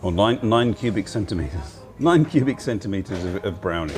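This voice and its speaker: A middle-aged man, talking into a laptop at a cafe. His voice sits fairly low but swings widely and animatedly in pitch as he chats, laughing often and teasing himself. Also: animated, brisk, a little mellow. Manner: chatty, laughs often, self-mocking. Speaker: livestream host. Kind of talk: casual chat livestream.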